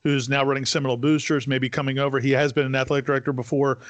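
A man's voice: medium pitch, level tone, racing, no room sound. Dry-sounding male sports analyst. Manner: rambling, many restarts, blunt opinions. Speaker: sports talk co-host, analyst. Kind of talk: casual sports talk analysis.

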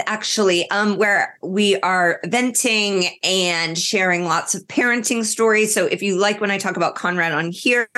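A woman's voice: medium pitch, fairly bright tone. Joking woman comedian co-host. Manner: joking, emphatic. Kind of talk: casual sports chat.

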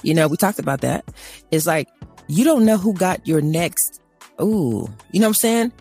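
Her low-leaning voice is mellow, a bit rough, and expressive as she co-hosts an animated faith talk show at a moderate pace. She rants emphatically in a preaching manner, acts out brief dialogues, and adds laughing asides over faint background music.

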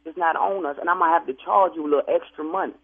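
Husky fast-talking man on a phone line. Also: a little high. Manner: defensive, stammering, argumentative. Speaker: funeral home worker. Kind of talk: prank phone call comedy bit.

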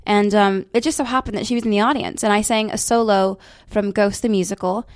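A young adult woman with a slight British inflection, telling stories in a bubbly, animated way as an interview guest. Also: medium pitch, brisk, dry recording. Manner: bubbly, animated storytelling with laughs. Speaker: guest, stage actress. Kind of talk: casual interview chat.

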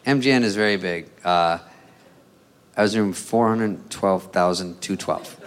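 A male stand-up comedian with a rambling, deadpan delivery who acts out dialogue, performing on a club stage. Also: low-pitched, measured pace. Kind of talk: stand-up routine. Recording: live club with audience laughter and noise.

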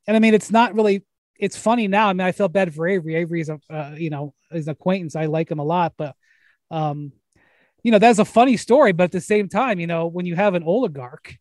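Male host, high-pitched, loose rambling anecdotes, dry mic. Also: fast talker, darkish tone, no echo. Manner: rambling storyteller, frequent restarts and laughs. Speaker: podcast host. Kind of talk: casual sports chat.

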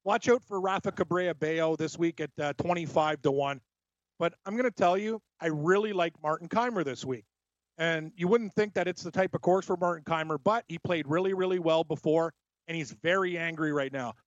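A man co-hosting a casual sports betting show, an animated storyteller giving his picks. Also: a little high, a little fast, no room sound. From Scotland. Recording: dry, dull lo-fi sound.

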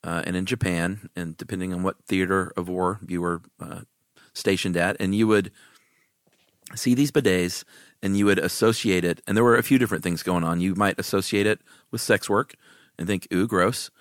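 A man's voice: sits low, steady tone, normal speed, dry recording, studio quality. A man co-hosting a podcast in casual chat, laid-back and given to sardonic quips. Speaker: podcast co-host.

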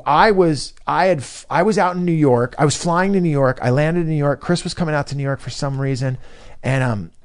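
Man, casual storyteller, rambling, animated, slightly high voice. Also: fairly quick, clear, resonant tone. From Southern California. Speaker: guest musician.

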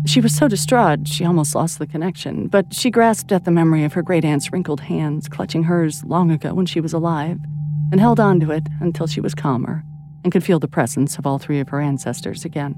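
Audiobook narrator, woman, lowish voice, measured and expressive, music bed. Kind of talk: scripted narration. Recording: soft music bed under reading.

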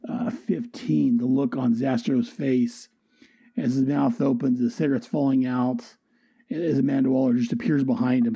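A man's voice: medium pitch, mellow, husky, no echo. A man giving a casual, rambling and enthusiastic comic book review, often restarting and correcting himself.

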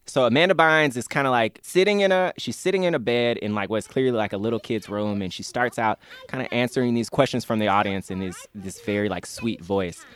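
A man's voice: mid-range voice, brisk, hardly any pauses, a bit bright. A man in his thirties chatting as an interview guest, enthusiastic and rambling, laughing often. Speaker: guest, comedy fan. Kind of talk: casual interview chat.

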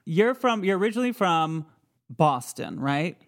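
A woman's voice: on the low side, very animated, normal speed. A woman hosting a podcast, interviewing a caller in a playful, teasing way. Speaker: podcast host. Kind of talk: casual interview chat.

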